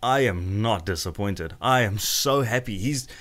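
A man hosting a music reaction video, gushing with breathless fan excitement. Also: fairly low pitch, unhurried. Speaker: reaction channel host. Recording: faint music behind.

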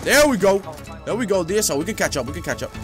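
A young man giving loud, profane, raging commentary while playing a shooter game. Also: high voice, very animated, racing, music in the background. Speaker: gaming YouTuber. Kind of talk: live gameplay commentary.

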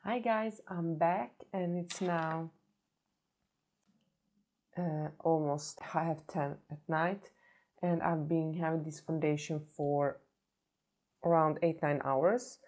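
Woman, beauty vlogger, deep voice, hoarse from a cold, tired, chatty, restarts words. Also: fairly even intonation, takes it slowly, long pauses, darkish tone. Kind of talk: casual makeup review vlog.

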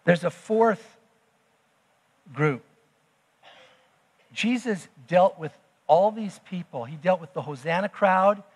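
A man preaching a sermon as pastor, emphatic, swinging between loud declarations and hushed asides. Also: sits high, slow pace, pauses often, slightly rough. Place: church sanctuary. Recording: long church hall reverb.

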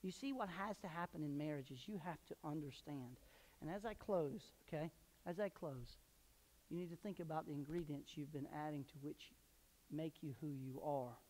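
A male pastor preaching a sermon in a church, telling personal stories and swinging into loud emphatic bursts. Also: on the high side. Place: church sanctuary. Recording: long hall reverb.

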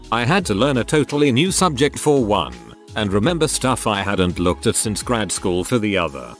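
A man narrates first-person stories from a script, his voice sitting fairly low while the pitch rises and falls with lively movement. Soft music plays faintly underneath him. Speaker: narrator reading online stories.

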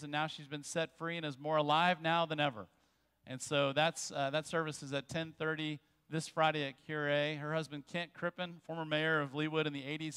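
A man preaching a sermon as pastor, telling jokes and stories with quick asides. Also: fairly high pitch, sharp tone. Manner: jokey storytelling with quick asides. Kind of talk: sermon with humor. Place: church sanctuary. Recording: long church hall reverb.

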